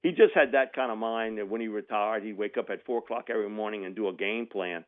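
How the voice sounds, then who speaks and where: With a lowish voice and a fast delivery, a man on the radio spins a sports tale and plays each person in it. His guest spot is lively, full of laughs and impressions, heard through a tinny phone connection.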